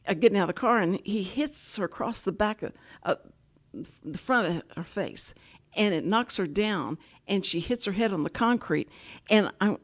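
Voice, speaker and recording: Older woman, talk show host, chatty rambling storyteller, mid-pitched everyday voice. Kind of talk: casual talk show interview.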